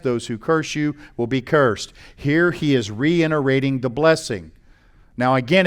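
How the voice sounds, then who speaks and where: A middle-aged American man preaching, his pitch sitting in the middle for a man. He reads scripture passages aloud and breaks them up with conversational asides to the congregation. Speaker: pastor. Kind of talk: sermon.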